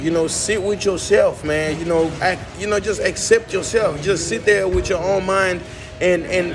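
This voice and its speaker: A man vlogging from a coffee shop, rambling and emphatic as he fires off rhetorical questions to his viewers. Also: high voice. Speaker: vlogger and musician. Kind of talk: casual rant to camera. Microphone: phone camera.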